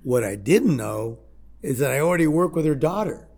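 A man in his sixties sharing a heartfelt personal story in a halting way, with repeated words and restarts. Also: on the high side, big pitch swings, a little mellow. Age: 60s. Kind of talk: personal testimony talk.

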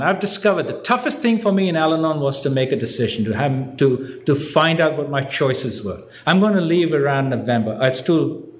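Older man, wry self-mocking storyteller. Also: on the high side. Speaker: speaker sharing his story at a recovery meeting. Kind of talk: humorous personal story. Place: meeting hall with a live audience. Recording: echoey hall, faint background hum.

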